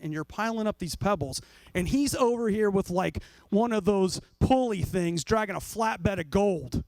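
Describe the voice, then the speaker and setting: A man's voice: high voice, animated, unhurried, creaky, a little mellow, dry recording. A man preaching a casual, jokey sermon as a pastor, acting out little voices to make his point. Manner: jokey, acts out voices of people and God.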